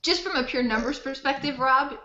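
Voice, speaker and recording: Bright-voiced woman in an echoey room. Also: sits high, fairly quick. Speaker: discussion panelist. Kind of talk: casual group discussion. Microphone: video call. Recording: echoey lo-fi video call audio.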